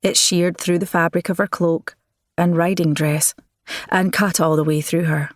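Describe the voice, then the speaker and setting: A woman narrating a romance audiobook in a measured, expressive storytelling manner, recorded on a close studio mic. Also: lowish voice, dry recording.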